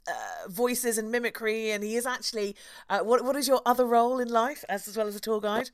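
Chatty woman host, lively pitch. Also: brisk, clear, resonant tone, no echo. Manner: chatty, laughs often, many fillers. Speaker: podcast host. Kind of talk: casual storytelling chat.

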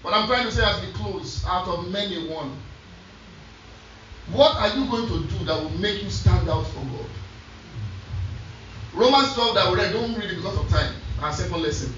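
A man's voice: high voice, lively intonation, moderate pace, pauses often, a bit bright, a little hiss or hum. A man preaching a sermon, telling stories and repeating scripture lines back to the congregation. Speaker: pastor. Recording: echoey church hall from a distance, dull sound.

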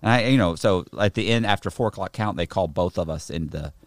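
A man casually telling a rough story, swearing a lot and acting out the other people in it. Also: low-pitched, quick pace, no room sound. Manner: profane, animated, acts out other people's voices. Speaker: guest telling a prison story.

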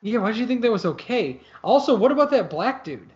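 High-voiced rambling man, lo-fi. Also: very animated, quick pace, a little mellow. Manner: rambling, hedging with fillers. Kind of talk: casual movie discussion. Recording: slightly dull lo-fi audio.

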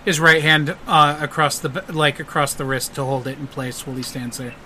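A man narrating a tabletop role-playing game as game master. He speaks in a halting way with lots of fillers and restarts. His voice is bright and sharp and sits a little high. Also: little pitch movement, slight background noise.

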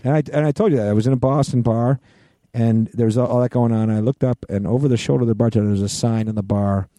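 Mellow-voiced profane male podcast co-host. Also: mid-range voice, steady tone, fast, no room sound, studio quality. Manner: profane, agreeable, tells stories. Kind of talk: casual ranting chat.

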